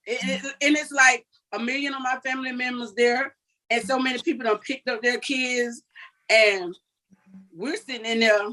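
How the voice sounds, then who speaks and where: A woman's voice: on the high side, steady tone, normal speed, pushed and bright, poor audio. An older woman, giving an earnest, vivid personal account as an interview guest. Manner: earnest, recounting vividly with quoted dialogue.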